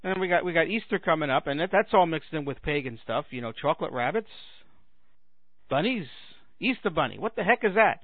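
High-voiced man ranting sarcastically, tinny sound. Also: expressive, brisk, no room sound. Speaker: radio talk host. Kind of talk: comedic monologue.

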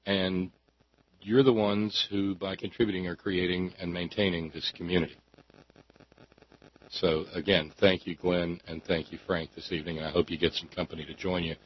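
A man hosting a radio call-in show, talking emphatically with drawn-out phrasing and many fillers. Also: sits low, flat delivery, husky. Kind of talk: talk radio monologue and call-in chat. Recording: dry, slightly dull radio studio sound.

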